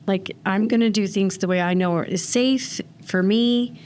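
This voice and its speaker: A woman's voice: medium pitch, a little slow, darkish tone. A woman speaking candidly on a podcast about her early days in a program. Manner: candid, quoting her own past thoughts. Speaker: podcast co-guest in recovery. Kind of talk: casual conversation.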